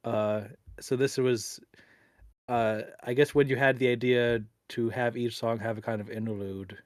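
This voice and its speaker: A man's voice: mid-range voice, steady tone, no room sound, clean studio sound. A man hosting a casual podcast interview, full of fillers and restarts, often chuckling. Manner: halting, filler-heavy, chuckling. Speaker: podcast host.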